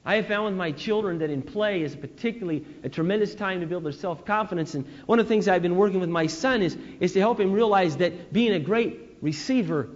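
A man preaching a sermon, telling stories in an animated way that swings from loud to hushed. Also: high-pitched, a little fast, few pauses. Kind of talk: sermon on parenting. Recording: dull lo-fi recording with long hall reverb.

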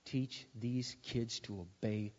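A middle-aged male pastor delivers a forceful sermon, pushing loud emphasis and then sinking into low, intense stretches. His voice carries a long hall reverb, and the sound is slightly dull, as if from an older recording. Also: takes it slowly, slightly rough.

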